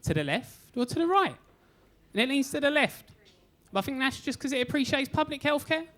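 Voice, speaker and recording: A man's voice: very high voice, very animated, brisk, a bit bright. A young man doing a stand-up comedy set on a club stage, telling self-deprecating stories with a cheeky edge. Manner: cheeky, self-deprecating storytelling with acted-out quotes.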